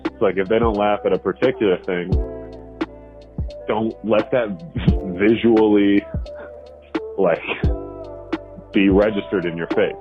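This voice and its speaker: A man's voice: on the low side, steady tone, a little slow, long pauses. A man who does stand-up, talking reflectively in a casual phone chat and often saying "you know.". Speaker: stand-up comedian. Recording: tinny phone line with music behind.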